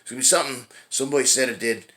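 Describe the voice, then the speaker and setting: A man's voice: mid-range voice, steady tone, very fast, pushed and bright. A middle-aged man venting to the camera in a rambling, casual way, with frequent swearing, often tagging "right?" onto his sentences. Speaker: fitness vlogger.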